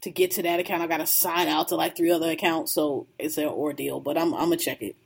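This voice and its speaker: A woman co-hosting a podcast in casual chat, telling animated, profane stories, laughing often and mocking others with imitations. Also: low voice, quick pace, gravelly, breathy edge. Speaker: podcast co-host.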